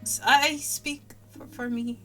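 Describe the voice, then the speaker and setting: A woman's voice: sits high, steady tone, takes it slowly, sharp tone, faint music behind, full character voice. A woman voicing a strange male water creature that halts and stammers through broken words. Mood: halting.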